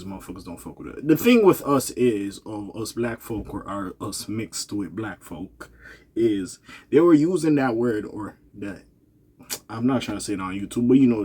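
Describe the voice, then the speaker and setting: A man's voice: fairly low pitch, darkish tone, husky. A man giving casual, rambling vlog commentary, loose and slangy, laughing and correcting himself, tired and yawning. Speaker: commentary vlogger.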